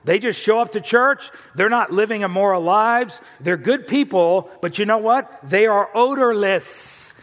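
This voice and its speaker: A man's voice: high voice, normal speed, hardly any pauses, a bit bright, big-room sound. A male pastor preaching a sermon, telling stories in a conversational way and asking the congregation questions.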